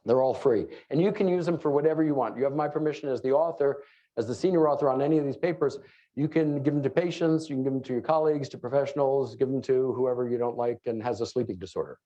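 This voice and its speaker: A middle-aged man from New York City with a New York accent, giving a fast, joking conference talk full of fillers. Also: medium pitch, mellow. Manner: fast-talking, joking asides, many fillers. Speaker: conference lecturer. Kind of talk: live conference presentation. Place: conference room before an audience. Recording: dull lo-fi room recording.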